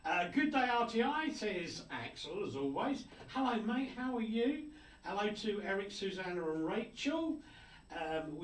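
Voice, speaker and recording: A man hosting a radio show, chatting casually and jokingly as he reads out listener greetings. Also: measured pace. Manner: jokey, chatty, with lively swings of pitch. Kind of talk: casual on-air chat, reading listener messages. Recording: roomy, distant mic with faint noise.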